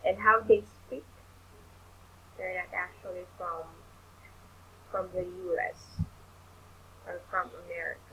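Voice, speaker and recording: Slow, patient woman tutor. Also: lowish voice, steady tone, bright, forceful tone, a little hiss or hum, poor audio. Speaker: English tutor. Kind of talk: online English lesson.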